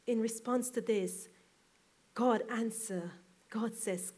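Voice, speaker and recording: A woman preaching a sermon, asking impassioned rhetorical questions and sometimes repeating words as she searches for them. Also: medium pitch.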